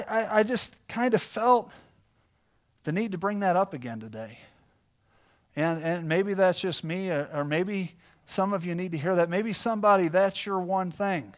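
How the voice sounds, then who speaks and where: A middle-aged male pastor preaching a sermon in a folksy, conversational storytelling way. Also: fairly high pitch.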